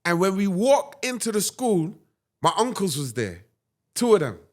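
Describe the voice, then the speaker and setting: With a high voice at normal speed, a male guest narrates a personal experience on an interview show. He is dramatic and animated, frequently checking in with "right?"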